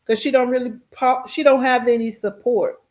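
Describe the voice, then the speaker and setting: A woman hosting a reaction channel, giving blunt, emphatic commentary as she pauses a clip. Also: a little high, fairly even intonation, darkish tone.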